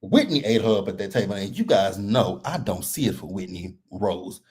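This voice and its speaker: A man's voice: on the low side, moderate pace. A man hosting a live reality TV recap, talking casually and bluntly and laughing a lot. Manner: blunt, animated and laughing often.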